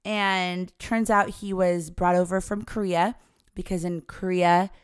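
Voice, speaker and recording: A woman in her forties telling a family story in a chatty, animated way, acting out the voices of the people she quotes. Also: on the low side, unhurried, clear, resonant tone, no echo, studio quality. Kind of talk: casual storytelling chat.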